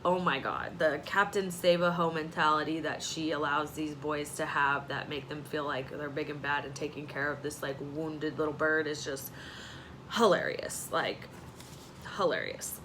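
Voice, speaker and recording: A woman hosting a casual reality TV recap, talking in a chatty, sassy way with quick asides. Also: deep voice, flat delivery, background noise.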